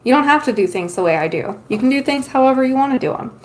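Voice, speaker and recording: Hiccuping as she goes, a woman on a live stream reads tarot cards and chats with her audience in a high, animated, fast, slightly mellow voice. Her talk is loose and rambling, full of ums.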